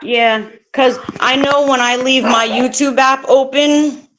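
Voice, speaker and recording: Casual stream host lady, kinda high voice, says like a lot, laughs easy. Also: steady tone, slow pace, background noise. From northeastern United States. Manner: casual, laughs easily, lots of "like". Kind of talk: casual chat.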